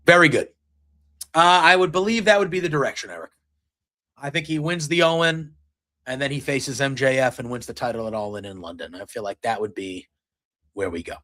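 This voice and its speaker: A man hosting a podcast, casually recapping a wrestling show in an excited, rambling way and retelling scenes and lines. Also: mid-range voice, fairly quick. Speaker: podcast host. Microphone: streaming setup.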